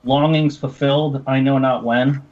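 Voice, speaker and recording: A man's voice: medium pitch, flat delivery, normal speed, dull audio. A man co-hosting a podcast, reading a silly poem in a mock-serious way and breaking into giggles. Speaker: podcast co-host. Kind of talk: casual chat, comic poem reading.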